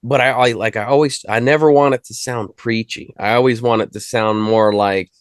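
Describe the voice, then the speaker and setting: A man's voice: medium pitch, steady tone, normal speed, smooth, no room sound, studio quality. A man, a rapper guest on an interview, talking casually in a rambling, jokey way with lots of restarts. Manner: rambling, many restarts and fillers; laid-back, jokey. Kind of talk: casual conversation.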